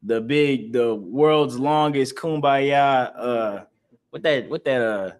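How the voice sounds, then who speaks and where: Guy leading a bible breakdown class, keeps repeating himself for emphasis, laughs a lot, mid-pitched voice. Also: slow pace. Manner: emphatic, repetitive, laughs between points. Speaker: scripture class teacher. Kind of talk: preaching-style scripture lesson.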